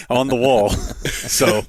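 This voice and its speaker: A man's voice: mid-range voice, animated, extremely slow. A man co-hosting a podcast in casual chat, making dry, wry remarks. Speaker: podcast host.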